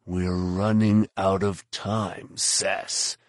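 A man's voice: deep voice, level tone, very slow, no room sound. A man voicing a blunt male armored bounty hunter who talks in a curt, dry, sardonic way.

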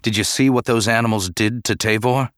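A man's voice: lowish voice, steady tone, brisk, fairly bright tone, no room sound, studio quality, lightly acted. A man voicing a bitter, grieving senator. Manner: bitter and indignant.

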